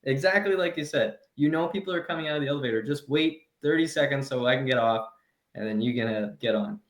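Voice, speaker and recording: A man co-hosting a comedy podcast, telling heated, animated stories in casual chat. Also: mid-range voice, fast talker, echoey room. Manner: heated, animated storytelling with laughs. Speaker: podcast co-host.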